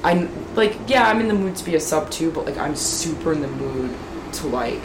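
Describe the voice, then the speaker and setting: A woman's voice: low-pitched, lively intonation, brisk. A woman co-hosting a candid podcast from her living room, talking bluntly and profanely with frequent giggles. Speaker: podcast co-host. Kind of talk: candid casual chat. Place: living room in a city apartment. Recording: roomy room with loud street noise.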